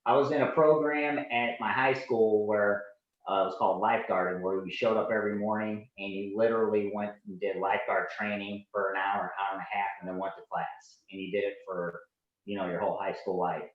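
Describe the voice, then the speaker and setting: A man in his forties, a podcast guest and Navy veteran, telling animated anecdotes in a casual way and acting out the people in them. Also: on the low side, a little fast. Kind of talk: casual storytelling. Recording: roomy, dull lo-fi sound.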